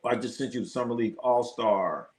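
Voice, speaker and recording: A man's voice: mid-range voice, normal speed, darkish tone. A man hosting a live sports stream, chatting loosely with his viewers and swearing freely. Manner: loose, profane, reacts to chat. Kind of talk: casual live-stream chat.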